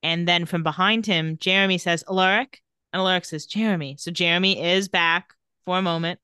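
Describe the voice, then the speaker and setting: A woman co-hosting a casual recap podcast, retelling scenes and reading lines of dialogue in a flat, even voice. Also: on the low side, a little fast, smooth, no room sound, clean studio sound. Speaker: podcast co-host.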